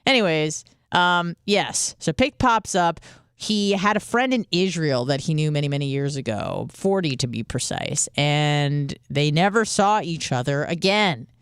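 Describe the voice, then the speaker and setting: A woman's voice: low-pitched, expressive, a little slow, clear, resonant tone, no room sound, studio quality. Rambling, swearing woman radio host. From United States. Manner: rambling, swearing, storytelling with quoted asides. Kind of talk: casual radio monologue.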